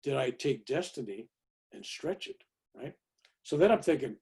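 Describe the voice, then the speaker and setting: Husky older man telling a story. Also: mid-range voice, sing-song, normal speed, long pauses, a little mellow. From California, USA. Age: 70s. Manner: chatty, keeps tagging "right?" and "you know". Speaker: guest speaker. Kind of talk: storytelling talk to an audience.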